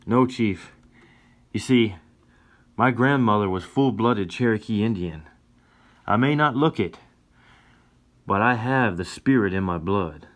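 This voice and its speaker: Male narrator voicing a young cowboy, earnest, raised voice, low-pitched base. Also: unhurried, long pauses, lightly acted. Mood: pleading.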